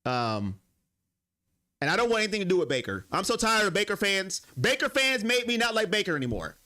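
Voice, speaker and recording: A young man hosting a sports live stream, reading and answering viewer comments, swinging between heated rants and quiet apologies. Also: sits high, very animated, fairly quick.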